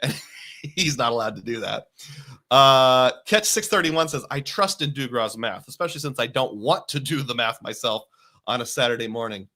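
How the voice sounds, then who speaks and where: A man in his forties hosting a casual live stream. His voice is bright and forward, with mid-range pitch. He chats easily, reads viewer comments aloud and laughs often. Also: animated, normal speed. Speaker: livestream host.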